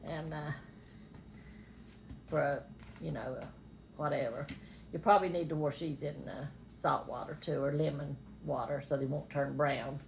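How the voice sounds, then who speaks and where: Gravelly older grandmother. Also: sits low, fairly even intonation, moderate pace, long pauses, a little hiss or hum. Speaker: grandmother showing a recipe. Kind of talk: casual cooking demonstration. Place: home kitchen.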